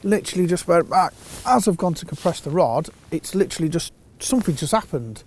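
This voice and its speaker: Animated storyteller, a man. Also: a little high, fairly quick. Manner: animated storyteller who acts out quotes. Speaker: fishing consultant. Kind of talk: casual anecdote.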